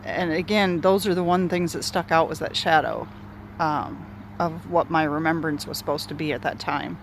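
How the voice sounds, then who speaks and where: A woman's voice: deep voice, moderate pace. Candid woman rambling outdoors, faint traffic. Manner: candid, rambling, swears freely. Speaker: speaker sharing a personal story. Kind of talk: casual spoken storytelling. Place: outdoors near bushes in an urban area.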